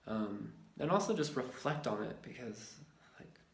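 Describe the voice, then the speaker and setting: A man's voice: medium pitch, sing-song, a little slow, gravelly. A young man telling a rambling personal story in a casual vlog, swearing freely and laughing often. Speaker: lifestyle vlogger. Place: shared house in a ski town. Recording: echoey room.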